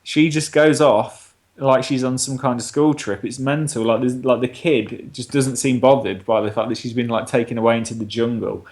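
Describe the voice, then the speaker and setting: A man in loose, casual podcast chat. He swears freely, laughs often and slips into quoted dialogue as he retells scenes. His voice sits at a middle pitch. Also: steady tone, normal speed, darkish tone. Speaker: podcast co-host. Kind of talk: casual film review chat.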